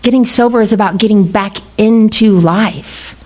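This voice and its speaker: A woman's voice: mid-range voice, normal speed, darkish tone. Woman, middle-aged, candid recovery talk, laughs often, swears freely. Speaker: recovery meeting speaker. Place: meeting room.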